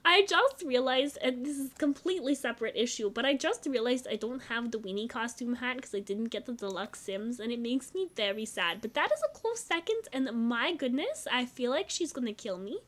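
High-voiced young woman chatting over a game. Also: animated, brisk, hardly any pauses. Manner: chatty and gushing, with giggles and soft asides. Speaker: gaming channel host. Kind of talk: casual game commentary.

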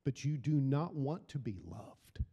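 A man's voice: medium pitch, animated, unhurried, gravelly, dark tone, breathy edge, big-room sound, lo-fi sound. A middle-aged man preaching a sermon as pastor, building emphasis through repeated phrases. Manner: preaching with rising emphasis and repetition.

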